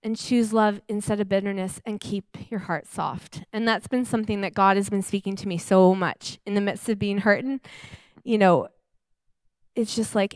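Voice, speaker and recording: Smooth-voiced woman preaching earnestly. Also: mid-range voice, steady tone, normal speed, darkish tone, dry recording. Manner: earnest, heartfelt, conversational with many fillers. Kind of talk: sermon with storytelling.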